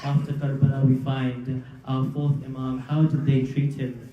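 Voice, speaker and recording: A man's voice: mid-range voice, level tone, unhurried, dull audio, slight background noise. A man giving a religious sermon at a live gathering, telling a story in an earnest preaching manner and asking rhetorical questions. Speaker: majlis speaker. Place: gathering hall at a live majlis. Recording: echoey hall from far off.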